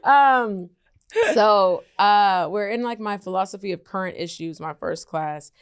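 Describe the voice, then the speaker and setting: A woman guest in casual chat, telling animated stories and laughing often. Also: medium pitch, measured pace, clean tone. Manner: animated storyteller, laughs often, slips into put-on voices. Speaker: podcast guest.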